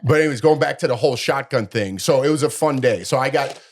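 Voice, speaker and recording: A male podcast co-host tells a story in casual chat, animatedly acting out quotes. His voice is mid-range and he talks fast.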